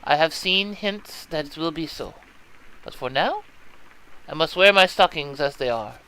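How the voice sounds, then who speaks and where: A man voices a brooding, fanciful schoolgirl. She speaks in a stiff, theatrical way with no contractions. The voice sits high and bright and moves a lot. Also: lively intonation, unhurried, low-quality recording. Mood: melodramatic. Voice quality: theatrical, formal phrasing without contractions. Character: dramatic Russian schoolgirl, gloomy and fanciful.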